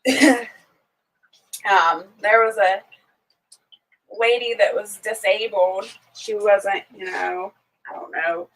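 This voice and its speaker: A woman's voice: medium pitch, a bit bright, distant mic, poor audio. A woman hosting a casual morning livestream, chatting easily, laughing often and greeting viewers by name. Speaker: livestream host. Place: at home on a small farm.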